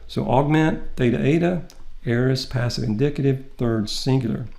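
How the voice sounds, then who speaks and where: A man with a medium-pitched, creaky and slightly mellow voice gives a recorded Greek lesson. He walks through a text's grammar methodically and patiently, explaining one step at a time with pauses.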